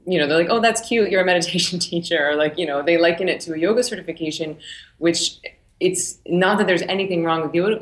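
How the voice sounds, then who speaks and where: Woman in her thirties, low pitch, lively storytelling, echoey studio. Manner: animated storyteller, laughs between phrases. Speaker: guest, meditation teacher. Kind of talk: casual interview storytelling.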